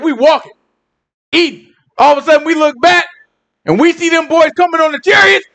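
A man's voice: extremely high pitch, fairly quick, gravelly, long pauses, fairly bright tone. A male preacher telling a Bible story in a casual, dramatic, conversational sermon.

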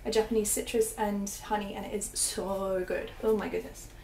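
A vlogger, young and Australian, tours her small apartment in a casual, giggly ramble full of fillers, her accent occasionally going British. Her mid-range voice holds a steady tone at normal speed, with some vocal fry. Background noise, faint music and a small room's echo are audible.

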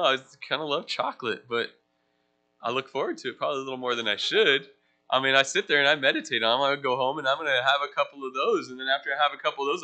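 Bright-voiced pastor, chatty sermon. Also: male voice, mid-range voice. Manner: conversational, asks the room questions, self-deprecating asides. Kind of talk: casual teaching sermon. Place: church.

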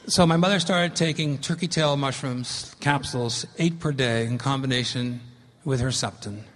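Man, 50s, public science lecturer, animated and emphatic, big lecture hall reverb. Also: mid-range voice, normal speed. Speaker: lecturer on fungi.

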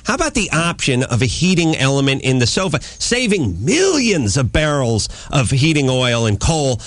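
A man hosting a comedy radio talk show, ranting and arguing in a sarcastic, animated way into a studio mic. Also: medium pitch, moderate pace, dry recording. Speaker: radio host. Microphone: studio microphone.

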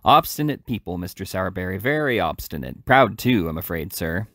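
A man voicing a pompous, stout parish beadle who blusters with loud indignation, in a storybook reading. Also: deep voice, sing-song, fairly quick, dry recording, clean studio sound, full character voice. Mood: indignant.

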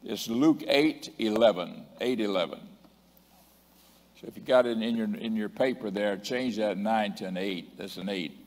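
Preaching man in an echoing church hall. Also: on the low side. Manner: drawn-out emphatic phrasing with repeated refrains; stumbles over references and corrects himself. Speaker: bishop preaching. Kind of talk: sermon. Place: large church sanctuary. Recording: long reverb of a church hall.

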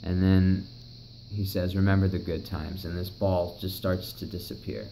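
A man's voice: low voice, flat delivery, normal speed, creaky, dark tone, slight background noise, poor audio. A young man recounting a personal story in a rambling, emotional way, swearing often. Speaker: vlogger.

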